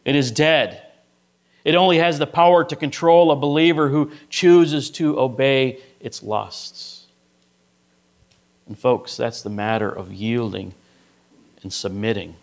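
A man's voice: medium pitch, unhurried. A middle-aged male pastor preaching a sermon, telling a story to illustrate his point and often checking in with "right?".

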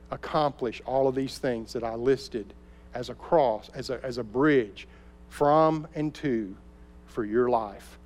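A man preaching a sermon as a pastor, telling a story and dropping to soft, intense tones at key moments. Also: mid-range voice. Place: church sanctuary. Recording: long reverb of a large hall.

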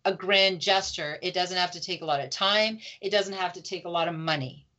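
A woman speaking as a guest in an interview, animated and emotive, telling heartfelt stories and laughing often. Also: on the low side, brisk. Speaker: guest, grief support speaker. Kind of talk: conversational interview. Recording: slightly dull lo-fi audio.

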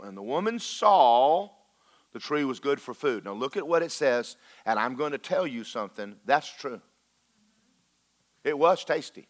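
A man preaching a sermon, folksy and joking, slowing down to stress his points. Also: mid-range voice, animated. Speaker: pastor.

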